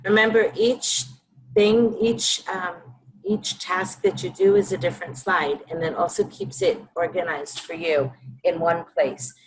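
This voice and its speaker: A teacher on a video call, giving brisk instructions to a colleague during a live demo. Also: female voice, on the low side, fairly even intonation, low-quality recording. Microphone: computer mic on a video call.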